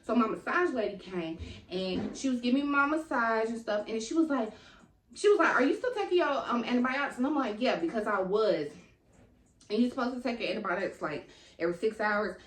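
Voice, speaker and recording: A young woman with a fairly high voice spins a lively, slang-filled story and puts on the voices of the people in it. She sounds slightly winded. Her voice bounces off a bare room and reaches the mic from a few feet away. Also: a little fast. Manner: animated, slangy, acts out quotes. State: out of breath. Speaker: vlogger. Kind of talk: casual storytelling vlog. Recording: echoey room, mic at a distance.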